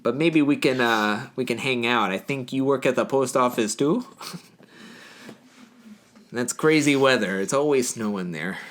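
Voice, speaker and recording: A man's voice: medium pitch, fairly bright tone, natural voice. A man doing a folksy Upper Midwest diner regular. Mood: rambling. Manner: folksy, drawn-out, rambling. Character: lonely small-town Midwestern man flirting at a diner.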